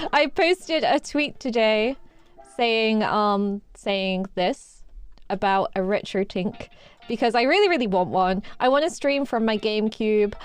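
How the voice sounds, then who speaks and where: An excitable woman chats on a live stream, her voice sitting a little high. She rambles, repeats herself and giggles between thoughts. Faint music plays underneath. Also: smooth. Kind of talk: casual livestream chat.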